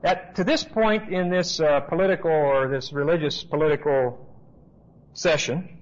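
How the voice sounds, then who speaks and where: Brief: emphatic male Bible teacher, high voice, dull lo-fi recording. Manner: explanatory, emphatic, with asides and rhetorical questions.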